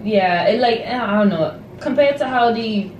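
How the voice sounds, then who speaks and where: A woman's voice: fairly high pitch, measured pace, recorded from a distance, muffled recording. Young woman talking from off-mic. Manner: relaxed, hesitant, filler-heavy. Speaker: travel companion. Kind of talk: casual chat. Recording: roomy, off-mic, noisy.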